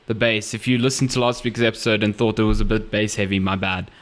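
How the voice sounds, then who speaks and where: A man's voice: fairly low pitch, little pitch movement, fast. A man, co-hosting a casual podcast in a loose, rambling way full of fillers. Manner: loose, filler-heavy talk with many likes. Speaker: podcast co-host. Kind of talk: casual chat.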